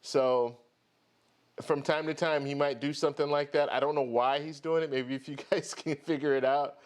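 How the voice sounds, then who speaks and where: Greeting viewers individually by name, the host of a travel credit card channel keeps his travel rewards live stream chatty and casual. He speaks at a moderate pace in a fairly high pitch with fairly even intonation.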